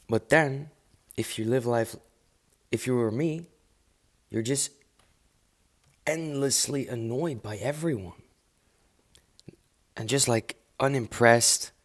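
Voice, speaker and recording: A man live streaming, ranting casually and swearing a lot. He sounds dismissive and rambles, breaking off and restarting mid-sentence. His pitch sits in a middle range for a man. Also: slow pace, pauses often. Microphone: earphones with mic.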